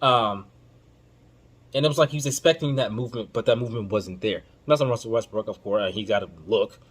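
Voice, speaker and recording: A man hosting a podcast, giving casual basketball commentary in an emphatic, informal, slang-heavy way that swings between loud outbursts and low muttering. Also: a little fast. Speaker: podcast host.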